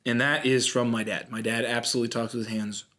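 A young man co-hosting a podcast in casual chat, animated and laughing often. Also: mid-range voice, fast. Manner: animated, laughs often, trails off mid-sentence. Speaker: podcast co-host.

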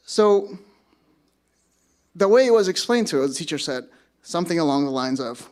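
A man's voice: fairly high pitch, expressive, normal speed, pauses often, a little mellow. A man in his thirties from Mexico, a pastor giving a sermon as casual storytelling with self-deprecating humor.

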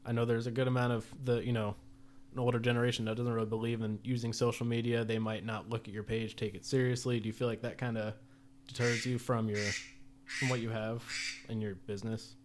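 Fast-talking young man asking questions. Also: medium pitch, little pitch movement, a little hiss or hum. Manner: laid-back, says "dude". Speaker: podcast host asking questions. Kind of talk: casual podcast interview.

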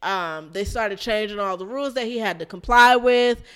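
A woman's voice: medium pitch, normal speed, fairly bright tone, clean tone. A woman in casual chat, animatedly retelling a wild story, swearing freely and calling her listener girl.

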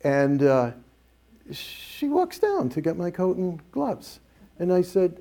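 Mellow-voiced priest telling a story. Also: male voice, high voice, slow. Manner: animated storyteller who acts out quoted dialogue. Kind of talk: storytelling and teaching on a panel.

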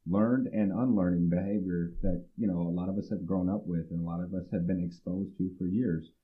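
A man's voice: sits low, fairly quick, narrow, tinny audio. A man co-hosting a podcast, speaking earnestly and reflectively, often restarting and acting out his own remarks. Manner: earnest and reflective, restarts often, quotes himself in animated asides. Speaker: podcast co-host. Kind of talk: casual podcast discussion.

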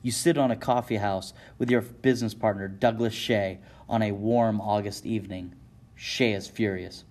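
A man's voice: lowish voice, steady tone, moderate pace, a little mellow. A man giving dramatic scripted narration of an interactive story, addressing the listener directly. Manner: dramatic second-person storytelling.

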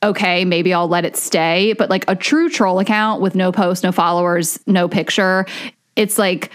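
A woman's voice: fairly low pitch, fairly even intonation, normal speed, clean tone. Chatty young woman, casual podcast guest. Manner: chatty, many fillers like "like", restarts. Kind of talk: casual chat.

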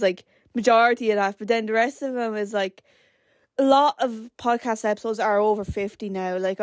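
In a casual podcast chat, the host, a young Irish woman in her late teens, rambles from story to story with many filler words, "like" above all. Her pitch is medium, and the recording is studio quality with no echo.

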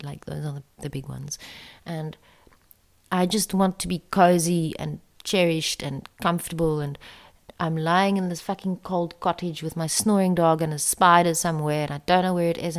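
A woman telling a personal story in a soft, confessional way that often drops close to a whisper. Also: deep voice.

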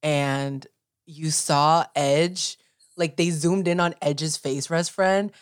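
Low woman, dry close sound, casual chat, gushing fan, lots of "like". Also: slow, clear, resonant tone, no echo. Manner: animated, gushing fan talk with filler "like". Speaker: podcast co-host.

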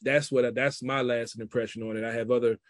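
A man's voice: mid-range voice, flat delivery, quick pace, no room sound. A man talking as a guest in a casual chat, reflective and earnest, with loose, rambling phrasing. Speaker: podcast guest.

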